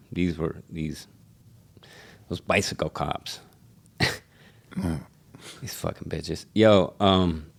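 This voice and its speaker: A middle-aged man from Seattle, a barber and shop owner, telling animated stories in casual chat and swearing freely. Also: low voice, gravelly. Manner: animated storyteller who acts out quotes, swears freely. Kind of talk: casual storytelling.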